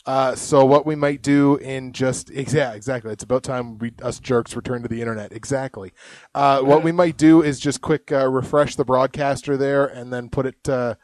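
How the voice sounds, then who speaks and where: A man's voice: mid-range voice, fairly even intonation, normal speed, a little mellow, no room sound. A young man co-hosting a casual live podcast, chatty and rambling, laughing often. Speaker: podcast co-host.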